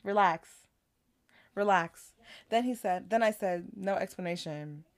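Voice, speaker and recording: A woman's voice: medium pitch, measured pace. A woman co-hosting a podcast, chatting casually, animatedly retelling text messages and laughing often. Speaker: podcast co-host. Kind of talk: casual chat, storytelling.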